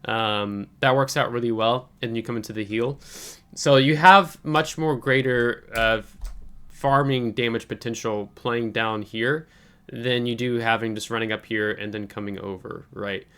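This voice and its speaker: A man's voice: mid-range voice, a little slow, fairly bright tone, clean tone. A man hosting a channel, giving casual coaching commentary on a viewer's game match, analytical and hesitant with frequent ums, and coughing now and then. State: keeps coughing.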